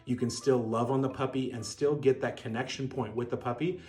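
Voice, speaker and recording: A middle-aged man, a dog breeder, calmly explaining how to interact with a puppy in an even-keeled instructional talk. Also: mid-range voice, fairly quick. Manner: calm, even-keeled, demonstrates voice tones. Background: soft guitar music.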